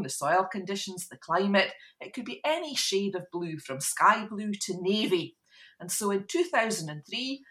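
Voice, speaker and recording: A Scottish woman co-hosting a podcast, explaining history in a lively, informative way. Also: medium pitch. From Scotland. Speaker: podcast co-host. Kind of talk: explanatory casual chat.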